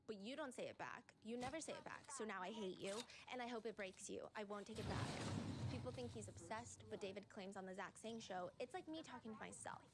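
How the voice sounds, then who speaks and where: A woman's voice: mid-range voice, noisy background. Chatty woman doing casual commentary. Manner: chatty, conversational, fillers like "like".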